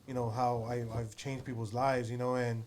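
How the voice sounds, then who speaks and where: A man's voice: mid-range voice, little pitch movement, normal speed, a little mellow. A man, telling stories as an interview guest, rambling with many fillers. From Texas. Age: 30s. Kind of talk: casual storytelling.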